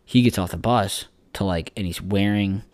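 A man's voice: low voice, moderate pace, a little mellow, dry recording. A man co-hosting a podcast, chatting casually about sports in a rambling, profane way full of filler words. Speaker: podcast co-host.

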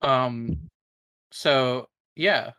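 A man's voice: medium pitch, extremely slow, bright, forceful tone, clean tone. A young man guest on a podcast, talking casually in a rambling, hesitant way with many fillers. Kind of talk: casual chat.

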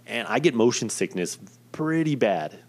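A man's voice: mid-range voice, big pitch swings, normal speed, husky. A young man casually telling a personal story in a rambling, profane, self-deprecating way.

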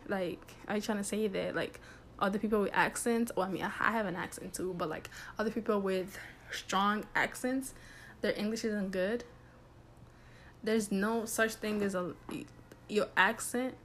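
A woman's voice: mid-range voice, a little hiss or hum. A young woman hosting a podcast, talking candidly in a chatty way, with lots of restarts and "like". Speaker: podcast host. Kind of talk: casual solo talk.

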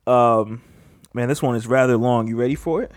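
A man's voice: mid-range voice, steady tone, normal speed, no room sound, studio quality. A young man hosting a casual podcast, laid-back, laughing often and stumbling when he reads aloud. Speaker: podcast host.

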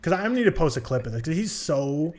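A man talks fast and animated on a casual film podcast. He rants freely, piling one clause onto the next. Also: fairly high pitch. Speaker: podcast co-host. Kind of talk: casual chat.

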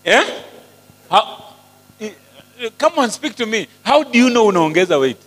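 A man preaching a sermon, mixing English and Swahili, animated and often asking the congregation questions. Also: sits high, normal speed. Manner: switches between English and Swahili, animated, asks the crowd questions. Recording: hall with long reverb and mains hum.

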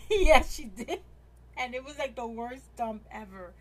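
A woman's voice: on the high side, expressive, unhurried, fairly bright tone. A woman hosting her own podcast, retelling a story in a casual, rambling way with many fillers and restarts. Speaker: podcast host. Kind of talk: casual chat, retelling stories.

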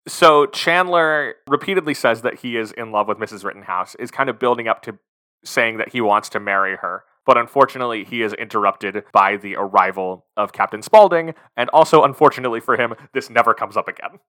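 Bright-sounding guy cohosting a movie podcast, wry, laughs a lot. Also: medium pitch, a little fast. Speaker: podcast co-host. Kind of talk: casual movie-review chat.

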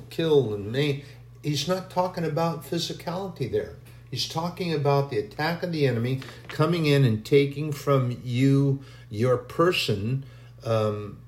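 A man's voice: mid-range voice, a little mellow. Man, preacher, informal sermon, conversational, repeats phrases, roomy echo. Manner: conversational, acts out quoted voices, repeats phrases.

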